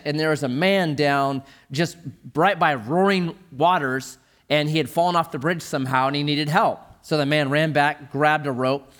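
A man's voice: a little high, fairly bright tone. A man preaching a sermon in a conversational, storytelling way.

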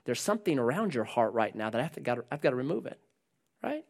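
Speaking fast in a gravelly, medium-pitched voice, this male pastor delivers an animated sermon. He alternates loud emphasis with hushed lines and asks the congregation questions.

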